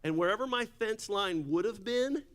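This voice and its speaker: A man's voice: high voice, animated, normal speed, a bit bright. Joking, casual man preaching. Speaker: pastor. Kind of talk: sermon. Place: church sanctuary. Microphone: handheld or stage microphone.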